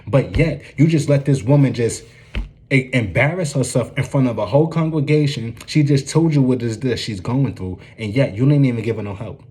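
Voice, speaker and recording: A man's voice: medium pitch, a little mellow. A man giving an informal, earnest preaching commentary, often checking in with "you dig what I'm saying".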